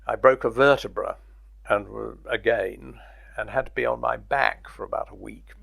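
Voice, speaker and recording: A man's voice: lowish voice, fairly even intonation, normal speed, vocal fry, a bit bright, slightly rough, no room sound. An older man recalling his career in an oral history interview, telling stories with chuckles. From Britain. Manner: anecdotal, chuckling storyteller.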